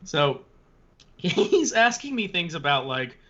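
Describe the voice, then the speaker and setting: A man spins a casual story on his podcast in a bright, lively voice that swings high and low. He laughs often and swears freely. The audio sounds a little muffled and lo-fi. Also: slow. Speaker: podcast co-host.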